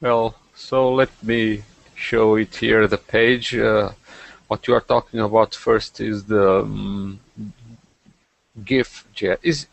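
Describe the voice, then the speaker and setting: A man hosting a podcast, chatting casually about tech with lots of pauses and fillers. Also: lowish voice, steady tone, creaky, no echo. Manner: hesitant, many fillers and restarts. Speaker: podcast host.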